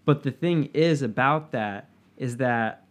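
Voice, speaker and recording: A man's voice: medium pitch, slow pace. A man chatting casually as co-host, rambling through a story with lots of fillers and swearing. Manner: rambling, profane, many fillers. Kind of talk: casual chat.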